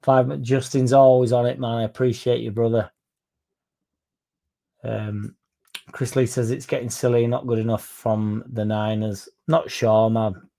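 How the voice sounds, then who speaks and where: A man chats on a football fan livestream, reading out viewer comments and answering them. His voice is gravelly with a dark, mellow tone. He rambles, swears freely and keeps things loose and casual. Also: mid-range voice, little pitch movement, a little slow. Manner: swears freely, rambles, mocks critics in a raised put-on voice. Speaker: fan channel host reading live chat.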